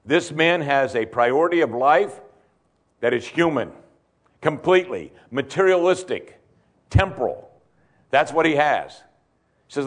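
Animated male pastor preaching a sermon. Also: a little high, measured pace, long pauses. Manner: rhetorical questions, repeats key points for emphasis. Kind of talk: expository sermon.

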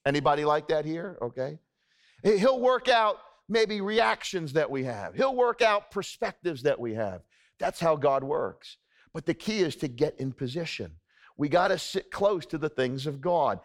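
A man's voice: on the high side, very animated, normal speed. A man preaching a sermon to a congregation, talking in a casual, conversational way and checking in with "okay?" asides. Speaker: pastor.

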